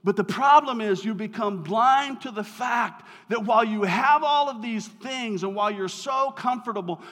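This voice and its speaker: High-pitched pastor guy, chatty storytelling sermon, big hall echo. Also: fairly bright tone. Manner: conversational storytelling, light humor. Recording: long reverb of a large hall.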